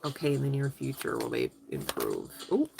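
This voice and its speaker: A woman with a low-pitched voice reads tarot cards live, chatting and giggling as she speaks directly to viewers. Faint music plays softly underneath her voice. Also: wildly swooping pitch, moderate pace, gravelly. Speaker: tarot reader answering live chat. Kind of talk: casual live tarot reading.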